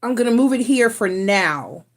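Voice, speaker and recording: A woman's voice: a little high, expressive, moderate pace. Frustrated woman chatting on a live stream. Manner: rambling, frustrated, with restarts and sighs. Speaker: tarot reader and live stream host. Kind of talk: casual live stream chat.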